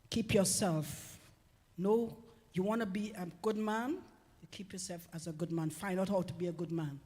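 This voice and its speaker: A woman's voice: fairly low pitch, a little mellow. A woman giving a humorous personal testimony at church, laughing often as she tells it and then exhorting her listeners. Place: church hall. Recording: long reverb of a church hall.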